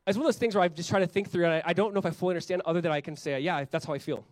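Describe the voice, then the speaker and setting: Fast-talking young male pastor preaching. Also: high voice, dry recording. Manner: conversational, animated, acts out quoted voices. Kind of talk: sermon.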